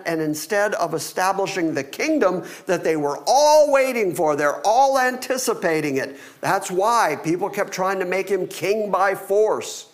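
A middle-aged man preaching a sermon and reading Bible passages aloud, animated and acting out the people in the story. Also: sits high. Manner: animated, acts out the disciples. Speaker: pastor.

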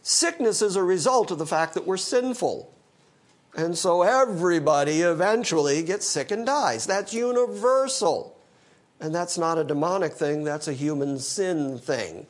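Man, pastor, lively sermon delivery, dry humor, slightly high voice. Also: a little slow. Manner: animated, quoting scripture in character, dry humor. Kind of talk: expository sermon.

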